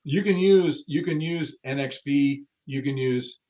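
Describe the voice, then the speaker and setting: A man's voice: mid-range voice, unhurried, dark tone. A man being interviewed about the car audio industry, talking bluntly and casually with some cursing and acting out the people he quotes. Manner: blunt, profane, acts out quoted dialogue.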